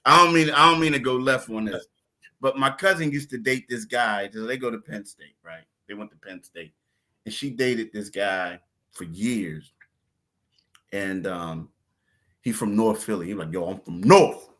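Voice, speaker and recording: A man's voice: lowish voice, moderate pace. A man co-hosting a sports podcast, telling a story with lots of laughs and acting out other people's voices. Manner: animated storyteller, acts out voices and laughs often. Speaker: podcast co-host. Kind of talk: casual sports chat.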